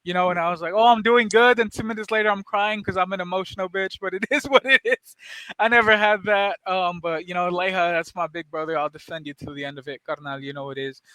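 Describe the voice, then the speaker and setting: A man's voice: high-pitched, steady tone, fast, bright, forceful tone, clear, resonant tone, no echo. A man hosting a podcast, telling loose, profane stories in casual chat. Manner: loose, profane storytelling with laughs. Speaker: podcast host.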